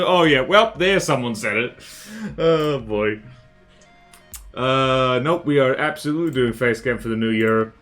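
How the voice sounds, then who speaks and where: A man's voice: medium pitch, expressive, a bit bright, faint music behind. A man with an Australian accent chatting casually and joking as he streams a game. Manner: chatty, jokey, quick to laugh. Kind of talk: casual live-stream chat over gameplay.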